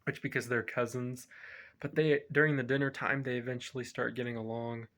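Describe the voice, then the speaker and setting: A man's voice: medium pitch, fairly even intonation, fairly quick, fairly bright tone. A man reviewing a film, retelling its plot casually in a rambling way and often correcting himself. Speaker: movie reviewer.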